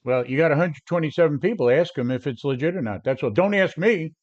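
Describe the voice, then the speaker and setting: Fast and animated, his fairly high voice comes through a muffled recording. He's a man in his seventies coaching traders live, brash and combative as he answers viewers directly.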